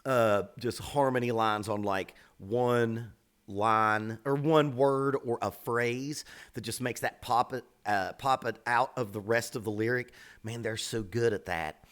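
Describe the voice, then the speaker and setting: A middle-aged man reacting to songs as a drum teacher, in a blunt, opinionated, casual voice of medium pitch. He swears freely and leans hard on words he cares about, breaking into sudden bursts of emphasis. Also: steady tone, unhurried, a bit bright.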